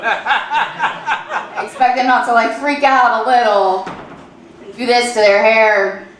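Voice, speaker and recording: A woman in her late twenties doing stand-up, with a halting, filler-heavy deadpan delivery. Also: fairly high pitch, slight background noise. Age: 20s. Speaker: stand-up comedian. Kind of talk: stand-up comedy set. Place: comedy club stage. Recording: echoey club room.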